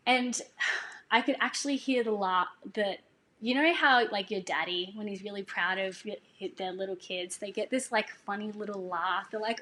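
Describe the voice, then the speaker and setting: A woman's voice: mid-range voice, normal speed, pushed and bright. A woman telling a personal faith story in a casual way, earnest and emotional, laughing now and then. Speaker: singer sharing a testimony.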